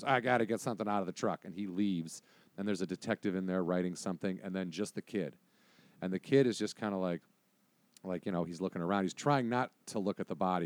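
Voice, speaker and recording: A man's voice: low-pitched, dry recording. A man telling a story in casual conversation, acting out the voices of the people in it. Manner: animated, acts out voices in his story.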